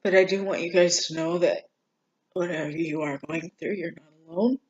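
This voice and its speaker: A vlogger talks through a casual personal update at a middling pitch. The delivery is subdued and halting, with frequent pauses and fillers. The recording sounds dull and lo-fi. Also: fairly even intonation, slightly rough. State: struggling emotionally, near tears.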